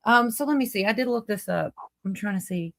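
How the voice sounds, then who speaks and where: A woman's voice: mid-range voice, a little fast, creaky, a bit bright. Chatty woman hosting a livestream. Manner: chatty, reads out viewer comments. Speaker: livestream host. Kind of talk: casual chat.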